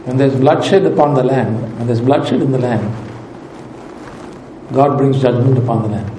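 A man delivers a sermon in a mellow, warm voice. He speaks emphatically and repeats his key phrases for weight. The hall around him is roomy and echoing, with a faint hiss underneath. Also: medium pitch, normal speed. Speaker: preacher.

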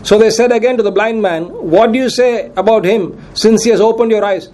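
A man with a high, mellow voice preaches a sermon at a fairly quick pace on a rough recording. He reads scripture aloud, cites verses and repeats questions to his congregation for emphasis.

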